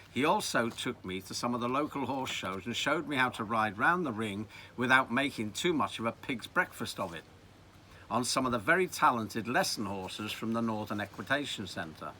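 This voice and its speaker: A man in his seventies with a Liverpool accent, telling reminiscences in a wry, animated way. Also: mid-range voice, normal speed, a little hiss or hum. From Liverpool, England. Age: 70s. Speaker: storyteller. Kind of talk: reminiscing narration.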